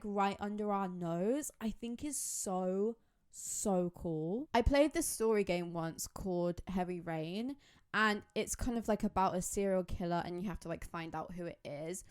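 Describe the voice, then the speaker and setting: Young woman, casual fan commentary, chatty, rambling, enthusiastic. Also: mid-range voice. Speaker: YouTuber.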